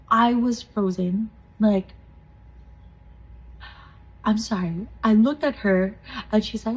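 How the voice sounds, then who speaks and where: A woman with a husky, breathy voice tells a personal story in an earnest and heartfelt way, laughing softly now and then. She speaks at an ordinary middle pitch, like a co-host of a small faith podcast sharing her testimony. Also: takes it slowly, long pauses, poor audio. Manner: earnest, emotional retelling with soft laughs.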